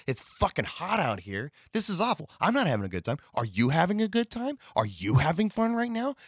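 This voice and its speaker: A man voicing a fed-up male reporter who shouts and curses at everyone in his way. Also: mid-range voice, big pitch swings, fast talker, no echo, studio quality, pitched above the performer's own voice. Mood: furious. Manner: shouting, cursing, exasperated.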